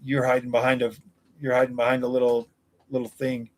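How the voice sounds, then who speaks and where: A man's voice: mid-range voice, completely flat delivery, fairly quick. A man in his forties chatting on a live stream, answering viewers in a blunt, combative, profane way. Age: 40s.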